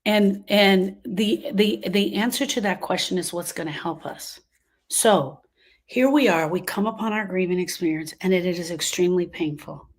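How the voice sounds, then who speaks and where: In an unhurried, mid-range voice, a Louisiana woman in her 60s hosts a grief podcast. She offers listeners heartfelt, earnest storytelling about her life, often repeating phrases for emphasis.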